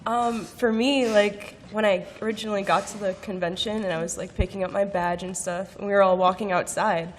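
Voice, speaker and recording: A woman's voice: mid-range voice, steady tone, brisk, hardly any pauses, a little hiss or hum. A young woman on a convention panel, telling a heartfelt, amazed story. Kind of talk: panel talk. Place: convention stage.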